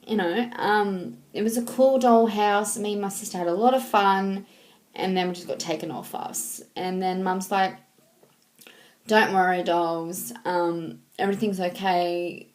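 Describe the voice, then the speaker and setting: A woman in her thirties talking to her viewers in a casual, heartfelt way, halting and sentimental, with frequent ums and restarts. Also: medium pitch, fairly even intonation, darkish tone. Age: 30s. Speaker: vlogger. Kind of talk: casual heartfelt talk to camera.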